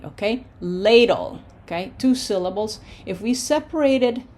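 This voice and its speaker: Woman, language teacher, online lesson, patient, reassuring, sounds out words slowly. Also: mid-range voice, a little mellow.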